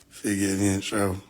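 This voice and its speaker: With a fairly low voice, a man hosts a casual livestream, joking, laughing often, and swearing freely. He swings between loud outbursts and quiet mutters into his phone.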